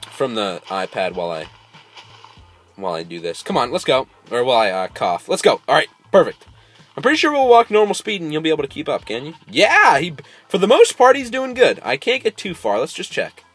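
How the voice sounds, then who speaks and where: Excitable man with a wildly swinging voice. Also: breathy edge. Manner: excitable, coaxing animals with sudden high squeals. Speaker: gameplay host. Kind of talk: casual let's-play commentary.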